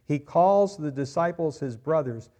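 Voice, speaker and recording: A male pastor preaching a sermon, swelling loud on key phrases and dropping quiet after them. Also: a little high, animated, a little slow.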